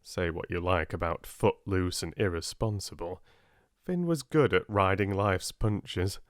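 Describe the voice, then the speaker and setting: Slow, low-voiced male audiobook narrator. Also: dry recording, studio quality. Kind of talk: relaxing audiobook narration for sleep.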